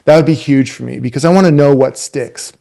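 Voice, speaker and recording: A man in his forties giving a casual webinar talk to youth coaches, retelling stories in a conversational, energetic way. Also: medium pitch, fairly quick, vocal fry. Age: 40s.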